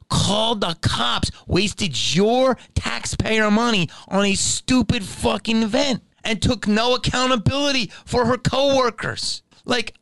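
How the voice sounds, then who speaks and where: A man's voice: very high-pitched, unhurried, gravelly, hardly any pauses, a bit bright, no echo. Ranting, profane man in his fifties. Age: 50s. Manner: heated, profane, mocking. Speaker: comedian podcast host. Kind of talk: profane storytelling rant.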